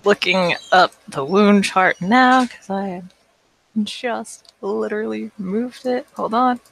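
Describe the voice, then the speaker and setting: A woman playing a tabletop game talks casually, in a chatty, self-interrupting way. Her voice is bright and sits dry and close to the mic. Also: medium pitch, takes it slowly, creaky, dry recording, low-quality recording. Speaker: player.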